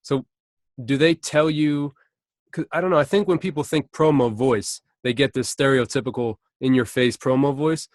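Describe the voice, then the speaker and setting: A man's voice: medium pitch, steady tone, moderate pace, no echo, studio quality. A man hosting an interview podcast, asking questions and agreeing attentively. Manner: attentive, agreeable, short backchannels. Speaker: podcast host. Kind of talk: casual interview.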